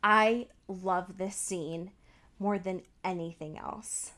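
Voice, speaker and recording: Unhurried woman swearing through a recap. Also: lowish voice, fairly bright tone. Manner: loose, profane, full of fillers and acted-out quotes. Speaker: podcast co-host. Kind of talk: casual episode recap chat.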